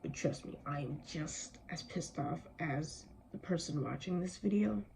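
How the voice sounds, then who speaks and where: A young woman speaks in an angry, worn-out, emphatic way and does not hold back her language. Her voice is low, dark and gravelly. A faint hiss runs under the recording. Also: animated, unhurried, poor audio. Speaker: vlogger. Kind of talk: impassioned personal vlog.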